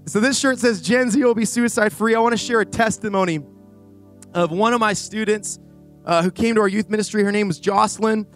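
High-voiced animated male preacher. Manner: energetic, animated preaching with rambling asides. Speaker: youth pastor. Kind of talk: sermon. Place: church stage before a congregation.

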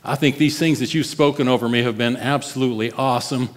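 A man's voice: medium pitch, steady tone, quick pace, big-room sound, lightly acted. A man preaching and voicing an impulsive, loyal disciple who protests to his teacher. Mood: pleading. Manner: pleading and protective.

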